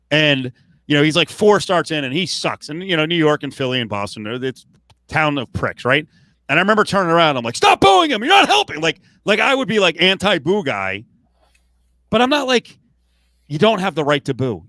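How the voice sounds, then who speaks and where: A man's voice: on the high side, bright, forceful tone, no room sound. A man co-hosting a late-night sports podcast, ranting with heated, profane outbursts. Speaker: podcast co-host.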